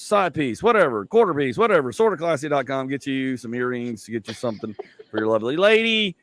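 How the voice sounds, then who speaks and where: A man's voice: medium pitch, dry recording. A middle-aged man hosting a podcast from home, talking loosely with lots of fillers and jokes. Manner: loose, rambling, joking, many fillers. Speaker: podcast host. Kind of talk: casual podcast chat.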